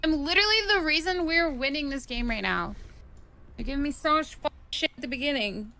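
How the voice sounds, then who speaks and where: Brief: female gamer, high and bright, boastful profane chatter, off-mic. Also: animated, brisk.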